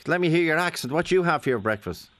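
A man's voice: on the high side, animated, racing, a bit bright, dry recording, studio quality. An Irish man hosting a radio phone-in, teasing and quizzing his callers. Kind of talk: lively phone-in chat.

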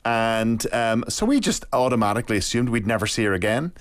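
A middle-aged novelist from Ireland, telling an animated story in an interview and acting out the voices of others. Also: male voice, mid-range voice, fairly quick. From Northern Ireland. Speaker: novelist guest.

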